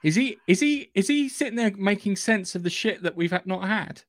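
A man's voice: high voice, lively intonation, brisk, no echo, clean studio sound. A man co-hosting a podcast in casual chat, eagerly working out theories aloud. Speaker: podcast co-host.

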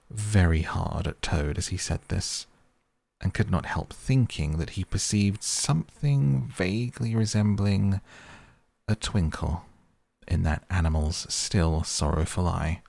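A man narrating a classic children's story in an unhurried, measured way. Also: deep voice, vocal fry, darkish tone, no echo.

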